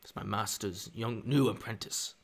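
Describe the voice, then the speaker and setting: A cold, menacing Sith apprentice, voiced by a male streamer, speaking low and slow, almost under his breath. The voice has a gravelly edge. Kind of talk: voice impression on a live stream.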